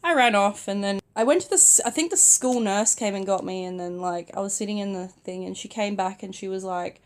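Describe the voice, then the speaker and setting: A young woman tells a casual storytime from her bed while sick. Her voice sits in an ordinary middle female range. She talks softly and chattily, filling her sentences with "like". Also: mid-range voice, a little fast. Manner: chatty, many "like" fillers, soft-spoken. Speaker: vlogger. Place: in bed at home.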